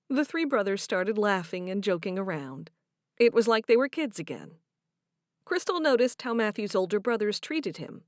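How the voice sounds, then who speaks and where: A woman's voice: medium pitch, very animated, moderate pace, dry recording, studio quality. A woman reading a novel aloud as an audiobook narrator, giving each character a voice.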